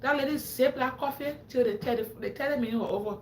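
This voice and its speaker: High-voiced woman telling stories live. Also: quick pace, roomy sound, slight background noise. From Africa. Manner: laughs often, acts out quotes with a rising voice. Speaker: livestream host. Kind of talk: animated storytelling to a live audience.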